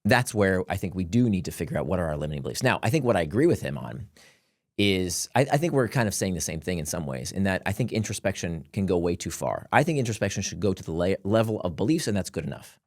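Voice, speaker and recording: Animated man with a dry close sound. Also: low-pitched, fast, no echo. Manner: animated, laughs between points. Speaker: guest author. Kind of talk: conversational explaining.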